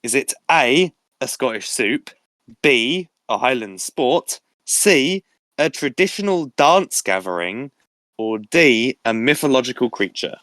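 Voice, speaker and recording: A man's voice: medium pitch, sing-song, a little slow, fairly bright tone, no echo. Young male quiz host, casual, dry close sound, laughs between questions. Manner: reads questions and options aloud, laughs often.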